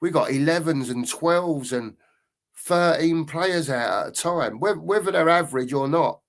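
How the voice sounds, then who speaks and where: A man's voice: fairly high pitch, unhurried. A man hosting a casual livestream, reading out viewer comments and bantering with them by name. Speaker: host.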